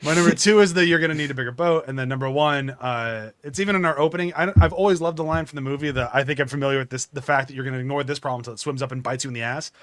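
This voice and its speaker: A man hosting a podcast, steering the talk in a brisk, casual way. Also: medium pitch, a bit bright. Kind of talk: casual chat.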